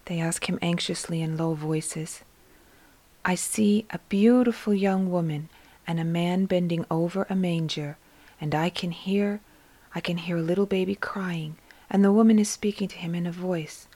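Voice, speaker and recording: A woman reading a religious story aloud, narrating and voicing the characters in a soft, hushed manner that often falls into a whisper. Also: on the low side, unhurried.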